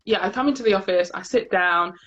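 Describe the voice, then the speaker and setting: A young woman tells her work stories in a lively way, putting on voices for her colleagues. Her voice is a little husky and breathy. The live-stream audio sounds muffled and dull. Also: medium pitch, quick pace, soft background music. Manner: animated storyteller, acts out quoted colleagues. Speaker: host. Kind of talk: casual chat on a live stream. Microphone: phone or webcam on a live video call.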